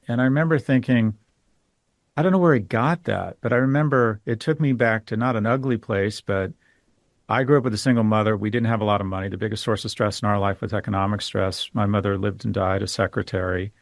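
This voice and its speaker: A man's voice: fairly low pitch, no echo, clean studio sound. A middle-aged man, a guest on a podcast interview, speaking in a candid, opinionated way and telling stories. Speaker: guest financial expert.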